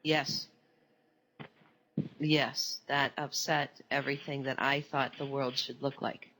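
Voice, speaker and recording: Calm conversation partner, mid-pitched voice. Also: slow pace, rough recording. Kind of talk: casual conversation.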